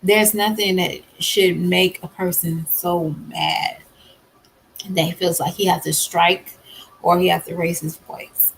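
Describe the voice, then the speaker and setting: Slow-talking husky woman. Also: mid-range voice, fairly bright tone, low-quality recording. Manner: emphatic and blunt, with repeated refusals; conversational with many fillers. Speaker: vlogger. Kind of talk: candid talk to camera.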